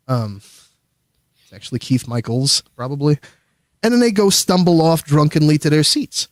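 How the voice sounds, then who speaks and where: A man's voice: fairly high pitch, expressive, fairly quick, dry recording, clean studio sound. A man casually telling a long, rambling, profane story as a guest on a livestream. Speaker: streamer guest.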